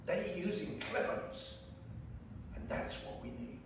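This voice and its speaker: A man's voice: high voice, animated, measured pace, background noise. A man giving a blunt, emphatic, jokey speech to a community meeting in a church hall. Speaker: guest panellist. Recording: very echoey church hall, far from mic.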